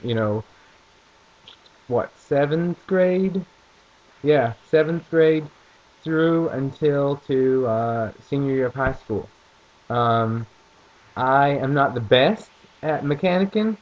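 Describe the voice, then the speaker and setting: Rambling young man with a Southern lilt. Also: a little high. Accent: mild Southern US. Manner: rambling, joking, a bit crude. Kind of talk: casual vlog monologue. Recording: dull lo-fi recording.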